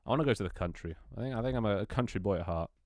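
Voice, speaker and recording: He's a young man from London, very low-voiced and a touch mellow, racing through a rambling chat with stream viewers. Casual swearing, lots of restarts and laughter mark his talk. Sound is dry and close-miked.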